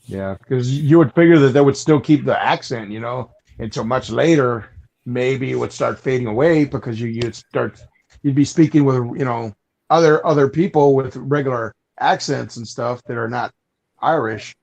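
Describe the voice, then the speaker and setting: A man's voice: medium pitch, moderate pace, gravelly, darkish tone, dull audio. A man in a casual livestream chat, telling meandering anecdotes and agreeing with the others. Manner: rambling anecdotes, agreeable interjections.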